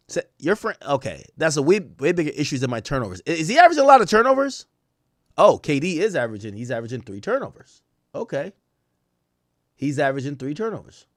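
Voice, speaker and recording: A young man streaming live, trash-talking basketball players in a loud, profane, excitable way, his voice jumping up and down. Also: no room sound, clean studio sound. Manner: loud, profane trash talk with sudden jumps in pitch and volume. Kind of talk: casual live-stream commentary reacting to chat and posts.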